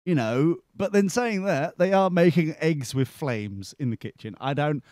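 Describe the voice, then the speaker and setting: A man riffs sarcastically over a news clip as a podcast host, mocking every line he hears. His voice swoops up and down with animated pitch, sitting a little high for a man. The recording is dry and close. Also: unhurried, dry recording.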